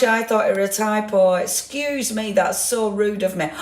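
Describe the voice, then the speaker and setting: A woman's voice: medium pitch, moderate pace, few pauses. Chatty woman host in a roomy space. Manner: chatty, reads out viewer comments, laughs often. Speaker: craft livestream host. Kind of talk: casual live-stream chat. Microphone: clip-on microphone. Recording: roomy echo.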